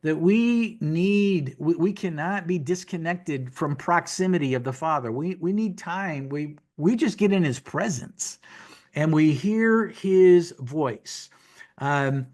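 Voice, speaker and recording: A man's voice: on the high side, darkish tone. A man in his sixties giving folksy, conversational preaching from his home office over a video call, repeating phrases for emphasis. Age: 60s. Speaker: guest minister teaching.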